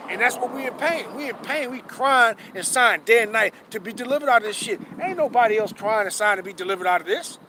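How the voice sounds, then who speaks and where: A man with a high voice preaches hard on a city street, swearing freely and circling back over his points. He slows right down when he reads the verses. Heavy traffic and street noise run loud behind him. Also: expressive, rough recording. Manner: fervent, profane, repeats himself, reads verses slowly. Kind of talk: street sermon with scripture reading.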